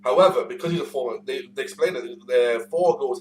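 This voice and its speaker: A man's voice: mid-range voice, fairly quick, darkish tone. A man co-hosting a casual comic-book chat, rambling through stories, laughing often and swearing freely. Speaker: podcast co-host. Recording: echoey room, mic at a distance, faint hum.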